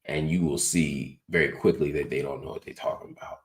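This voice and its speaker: A man's voice: extremely low pitch, a little fast. A middle-aged man hosting a talk show, chatting casually and reading viewer comments aloud. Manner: relaxed, conversational, reads viewer comments aloud. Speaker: show host.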